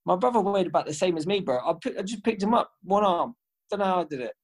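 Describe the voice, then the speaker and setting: A young man talks casually on a podcast, telling stories full of slang and swearing. His voice sits on the higher side for a man. He keeps the tale moving as a relaxed co-host. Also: fast talker. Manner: animated anecdote-telling, slangy and profane. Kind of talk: casual chat, storytelling.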